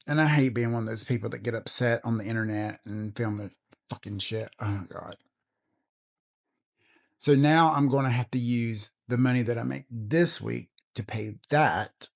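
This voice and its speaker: A frustrated man rants straight to camera. His voice has a gravelly, creaky grain, and he sounds angry and drained. He swears freely as he vents. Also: mid-range voice, moderate pace. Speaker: vlogger. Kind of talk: venting to camera.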